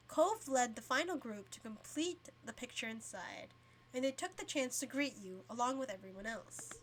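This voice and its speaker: A woman's voice: fairly high pitch, expressive, moderate pace, fairly bright tone. A young woman streamer reading a story game aloud, casual and yawning, laughing between lines.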